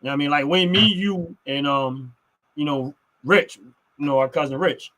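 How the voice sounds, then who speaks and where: Casual Philly co-host, man, bright tenor, rambling delivery. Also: a little high, moderate pace. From Philadelphia. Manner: rambling, fills with "you know what I mean". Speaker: podcast co-host. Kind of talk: casual chat.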